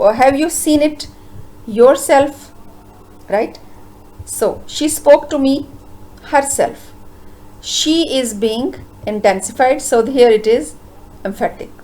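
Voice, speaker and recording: Woman teacher, slightly high voice, patient grammar explainer with lots of "uh"s. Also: darkish tone, low-quality recording. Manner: explains slowly with frequent uh fillers, asks rhetorical questions. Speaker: English teacher. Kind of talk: grammar lesson lecture.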